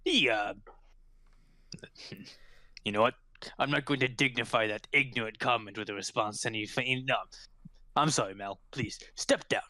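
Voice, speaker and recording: A man's voice: mid-range voice, pushed and bright, no room sound, close to an everyday voice. Sherlock Gnomes, a man doing a fussy gnome detective. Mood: pompous. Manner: fussy, halting, self-important. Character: pompous cigar-smoking male gnome detective.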